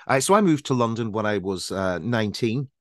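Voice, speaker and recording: A man's voice: fairly low pitch, expressive, fairly quick, no echo, studio quality. A man in his forties with a Northern Irish accent, co-hosting a podcast and telling rambling personal stories. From Northern Ireland. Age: 40s. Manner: rambling, anecdotal storytelling. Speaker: podcast co-host. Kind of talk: casual chat.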